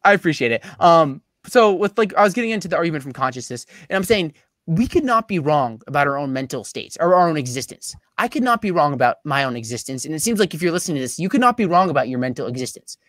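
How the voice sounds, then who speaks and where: A young man giving a debate closing statement over a video call, talking rapidly with many fillers and restarts. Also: fairly high pitch, sing-song, fairly bright tone, no room sound. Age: young adult.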